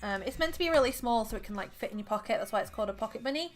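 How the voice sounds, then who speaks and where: A woman's voice: on the high side, animated, racing, faint music behind. A woman hosting a casual crafting livestream from home, chatting and thinking aloud as she works and counting stitches under her breath. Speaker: livestream host.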